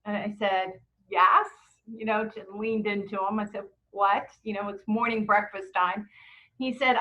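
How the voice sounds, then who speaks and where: A middle-aged woman leading a book club, telling stories in a relaxed way and acting out the quotes. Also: a little high, lo-fi sound. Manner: warm anecdotal storytelling with acted quotes. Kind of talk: casual book club talk.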